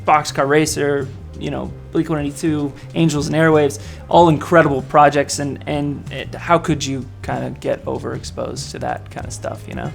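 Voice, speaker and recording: A man's voice: a little high, flat delivery, moderate pace, gravelly, few pauses, soft background music. A man, a band frontman, answering interview questions casually and in a playful, self-mocking way.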